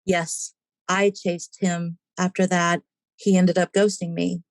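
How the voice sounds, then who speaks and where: Dry, lowish woman telling her story. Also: takes it slowly, no room sound. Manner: animated, acts out the voices in her stories. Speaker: podcast guest. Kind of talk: personal storytelling in a casual interview.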